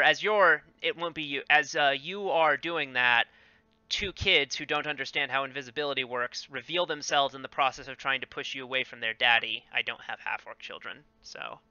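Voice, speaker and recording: A man running a tabletop game as game master, talking haltingly with many ums and self-corrections over a dull lo-fi mic. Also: medium pitch, sharp tone, clean tone, no echo.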